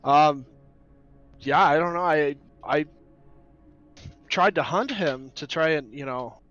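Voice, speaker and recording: A man speaks hesitantly at a tabletop game, trailing off and restarting his sentences. His voice is slightly high, and the dull recording carries faint music behind him. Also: slow pace, fairly bright tone, dry recording. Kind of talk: casual tabletop game chat.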